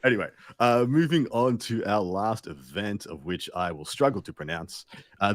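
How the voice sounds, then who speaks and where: Low-voiced, dry-sounding man cohosting. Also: lively intonation, no echo. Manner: joking, breezy, drawn-out fillers. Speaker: co-host. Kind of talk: casual banter on a gaming show.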